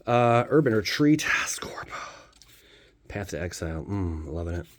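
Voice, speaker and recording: A low-voiced man talks briskly with big swings in pitch as he casually cracks open card packs for his channel. The commentary is jokey and playful, full of goofy outbursts and rambling tangents.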